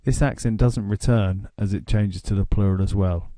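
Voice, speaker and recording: A man with an English accent narrating a grammar lesson, explaining slowly and deliberately. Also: on the low side, mellow, no room sound, clean studio sound. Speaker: language teacher.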